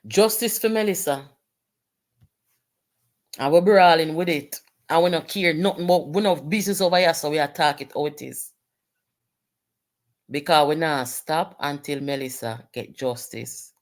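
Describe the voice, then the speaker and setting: A woman's voice: deep voice, moderate pace, long pauses. Indignant Jamaican woman commentator. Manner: indignant, emphatic, rhetorical questions. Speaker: political commentator. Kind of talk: impassioned political commentary.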